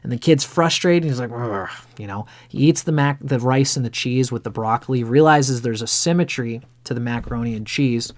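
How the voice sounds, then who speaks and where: A man's voice: medium pitch, brisk, few pauses. A man giving an astrology chart reading on a livestream, talking in a blunt, rambling way and swearing casually.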